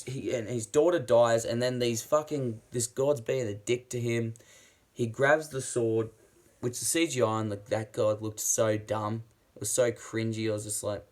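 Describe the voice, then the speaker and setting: A man talks through a film review in a loose, excitable way. He swears freely, trips over his own sentences and starts them again. His voice sits at an ordinary middle pitch for a man. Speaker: movie reviewer. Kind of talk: casual spoken movie review.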